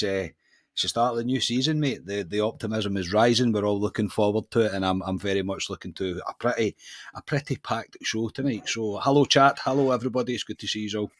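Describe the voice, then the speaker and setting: A man's voice: lowish voice, fairly bright tone, no echo, clean studio sound. A Scottish man co-hosting a football podcast, talking in a casual, matey way with frequent restarts. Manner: chatty, says mate constantly, self-mocking laughs. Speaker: podcast co-host.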